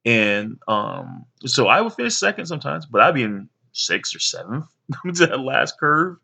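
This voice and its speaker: A young man casually telling rambling stories to his sons, with many fillers and lively bursts when he quotes others. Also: mid-range voice, moderate pace, creaky. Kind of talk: casual storytelling to camera.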